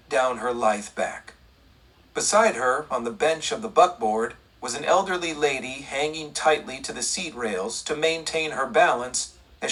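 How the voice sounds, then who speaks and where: Brief: male audiobook narrator, western story, husky voice, mic set back. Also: mid-range voice, a bit bright, far from the mic, rough recording.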